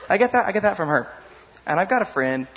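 A man preaching a sermon in a lively, conversational way, often asking the audience "you know?". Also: high-pitched, quick pace, muffled recording, a little hiss or hum.

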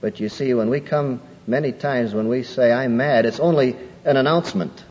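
A man preaching a sermon, lively and conversational, acting out people's excuses in a raised voice. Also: normal speed. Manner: animated, acts out quoted excuses in a higher voice. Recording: muffled old hall recording with faint noise.

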